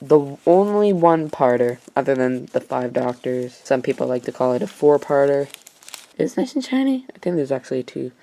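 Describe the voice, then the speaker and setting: Teen girl, home vlogger, low dark voice, chatty and rambling, lots of asides. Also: animated, normal speed, poor audio. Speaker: YouTuber reviewing DVDs. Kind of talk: casual vlog review.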